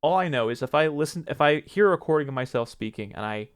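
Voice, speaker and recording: Smooth-voiced young man giving advice. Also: fairly high pitch, expressive. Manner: reflective, pauses often while choosing words; self-critical about his own speech. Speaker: streamer and video creator. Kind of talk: casual advice talk to camera.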